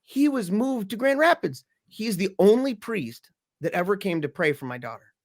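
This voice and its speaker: Man, podcast guest, casual storytelling, acts out voices, slightly high voice, dry close sound. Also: moderate pace, no echo. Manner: animated, acts out the voices in his stories.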